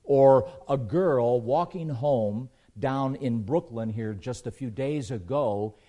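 A man preaching a sermon in an emphatic way, repeating phrases for stress and pausing on fillers between points. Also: fairly high pitch, a little mellow.

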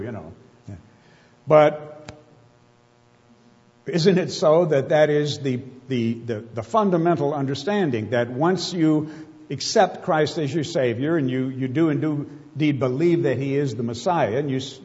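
A man's voice: mid-range voice, a little mellow, dull audio. Preacher man with a reverberant hall sound. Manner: emphatic, rhetorical questions, slow stresses on key words. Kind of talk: sermon.

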